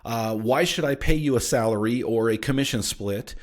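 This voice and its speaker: A man's voice: medium pitch, normal speed. A middle-aged American man hosting an advice podcast, talking in an emphatic, punchy way and keeping on checking in with his listeners. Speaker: podcast host and appraisal coach.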